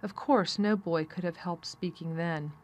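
An audiobook narrator reads a classic novel aloud in scripted narration. Her voice is fairly low, and her storytelling is steady and measured.

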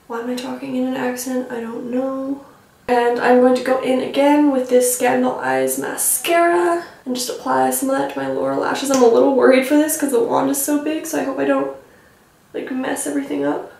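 A young woman chats her way through a makeup tutorial, rambling with lots of filler and poking fun at herself. Her voice sits high, with a gravelly fry. She sounds a little away from the mic, in a very echoey room. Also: fairly even intonation, brisk, darkish tone, far from the mic. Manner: rambling, self-teasing, filler-heavy. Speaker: beauty vlogger.

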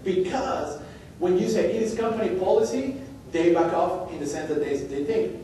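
A man with a high but mellow voice delivers a keynote to a conference audience. He tells an anecdote in a relaxed, conversational way and slips into the voices of the people in it. The sound carries a heavy hall echo from a distant mic with faint background noise. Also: normal speed. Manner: anecdotal, acts out dialogue. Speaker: keynote speaker.

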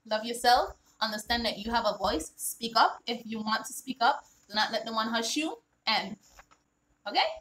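On her vlog, a woman author reads lines from her own children's book and earnestly explains each one, often asking "all right?". Her voice is a little high, bright and forceful, and the audio is poor.

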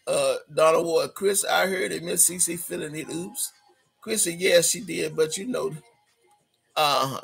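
A woman's voice: sits low, creaky, husky. A woman hosting a livestream, reading out chat comments in a brash, profane, laughing way. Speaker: livestream host.

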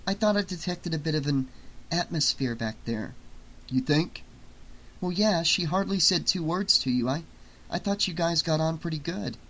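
A male audiobook reader voicing an earnest young woman who speaks softly and quickly. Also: deep voice, animated, full character voice. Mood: probing.

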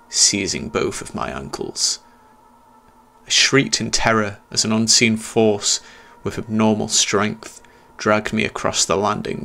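A man's voice: fairly low pitch, gravelly, fairly bright tone. A man narrating a scripted horror story in a tense, dramatic telling.

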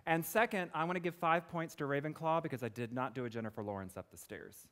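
A man from Florida, USA, gives a conference presentation from the stage to an audience, sharing personal stories sprinkled with light jokes. His voice is fairly high and bright, he talks fast, and there's slight background noise.

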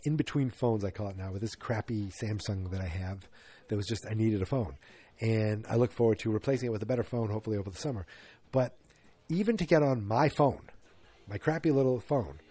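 A man's voice: fairly low pitch, dark tone. A man hosting a podcast in a rambling, casual chat, full of fillers and restarts. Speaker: podcast host.

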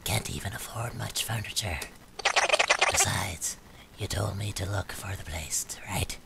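A man voicing a game character in a low, gravelly whisper. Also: unhurried, very noisy, full character voice. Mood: hushed.

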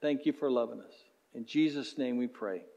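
This pastor's gravelly, dark voice sits at medium pitch and moves at a normal speed, with the highs cut off and a church hall's reverb around it. Talking conversationally and mimicking everyday voices, he preaches and then guides the congregation through a closing prayer.

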